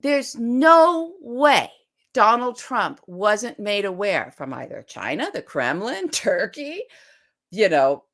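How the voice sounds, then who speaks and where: A woman co-hosting a political podcast, talking emphatically and fast and retelling scenes vividly as she makes her case. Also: medium pitch, big pitch swings, a bit bright. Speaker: podcast co-host. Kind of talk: animated political podcast talk.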